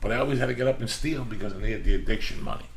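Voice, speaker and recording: On the low side, creaky and very fast, his voice comes with slight background noise. He's a middle-aged podcast host whose casual, rambling stories are full of profanity and forceful emphasis.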